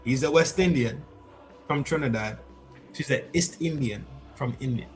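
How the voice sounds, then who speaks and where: A man hosting a stream, reacting to clips with loud, profane casual commentary that repeats itself. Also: medium pitch, normal speed, faint music behind. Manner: loud, swearing, repeats himself.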